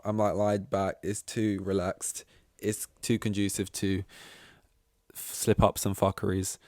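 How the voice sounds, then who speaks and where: Rambling man, lowish dry voice. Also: creaky, a little mellow, dry recording. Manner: self-deprecating, rambling, swears, acts out both sides of awkward chats. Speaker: podcast host. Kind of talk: solo rambling monologue.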